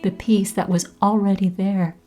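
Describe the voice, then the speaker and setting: A woman hosting her podcast in slow, soft scripted narration that often drops to a whisper. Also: medium pitch, little pitch movement, soft background music, rough recording. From Canada. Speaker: podcast host.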